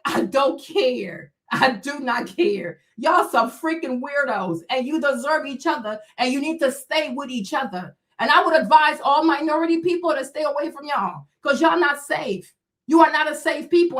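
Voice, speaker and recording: A woman hosts a livestream in a high, sharply swooping voice. She talks in blunt, profane, confrontational bursts and mocks her listeners with short laughs. The delivery stays heated throughout. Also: fairly bright tone. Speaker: livestream host. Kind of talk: ranting commentary stream.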